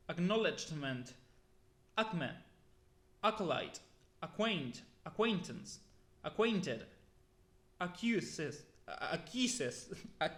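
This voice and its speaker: A man reading a long list of words aloud one by one, slow and deliberate, as a YouTuber. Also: fairly high pitch, a bit bright, echoey room.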